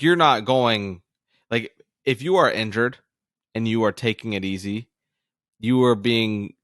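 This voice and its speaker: Low-voiced young man, rambling, on a dry mic. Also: a bit bright, no room sound. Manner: rambling, loose, with many restarts. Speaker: podcast co-host. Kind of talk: casual sports podcast chat.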